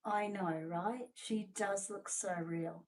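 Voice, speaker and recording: A woman's voice: medium pitch, fairly even intonation, slow, a little hiss or hum, rough recording. Gushing Australian woman selling dolls. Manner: chatty and gushing, many fillers. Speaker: seller presenting reborn dolls. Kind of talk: live sales showcase.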